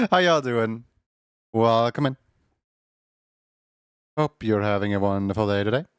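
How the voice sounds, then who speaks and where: A man's voice: fairly low pitch, lively intonation, a little slow, smooth, no room sound, studio quality. A man hosting a live stream in casual chat, often stumbling over repeated words and laughing between thoughts.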